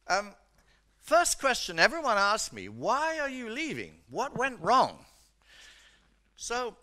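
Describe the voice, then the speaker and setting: A man's voice: mid-range voice, bright, forceful tone. An older man from Britain, an economics professor giving a chatty seminar lecture, full of "you know" fillers.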